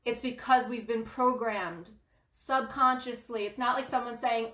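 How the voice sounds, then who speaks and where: A woman's voice: fairly high pitch, fairly even intonation, moderate pace, fairly bright tone, roomy sound. A woman hosting a spiritual guidance livestream, giving an emphatic motivational talk. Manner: passionate, emphatic, laughs often.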